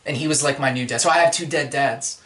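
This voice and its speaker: A man playing an awkward young Peter Parker in a comedy podcast sketch, halting and deadpan. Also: mid-range voice, pitched below the performer's own voice, natural voice. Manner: hesitant, rambling, deadpan.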